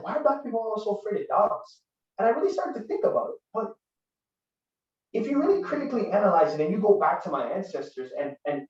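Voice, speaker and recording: A man in his thirties from Canada, giving an earnest, conversational talk built on personal stories. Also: fairly high pitch. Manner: earnest, conversational, grows forceful. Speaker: guest speaker. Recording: distant roomy lo-fi recording.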